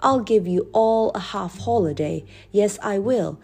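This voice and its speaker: A woman reading a storybook aloud and voicing a mischievous male pixie who chants and shouts gleefully. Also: mid-range voice, unhurried, creaky, husky.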